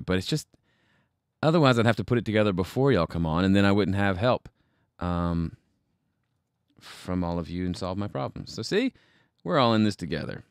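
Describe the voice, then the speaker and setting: A man's voice: deep voice, clear, resonant tone, dry recording. A man hosting a casual livestream from his home studio, rambling and thinking aloud as he troubleshoots, with self-deprecating asides. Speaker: livestream host.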